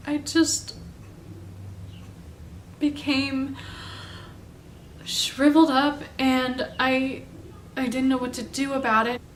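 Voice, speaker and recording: Soft, halting woman in a roomy space. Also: high-pitched, distant mic. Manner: halting, confessional, soft-spoken. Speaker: vlogger telling her story. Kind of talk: personal storytime confession. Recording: roomy, off-mic, faint background noise.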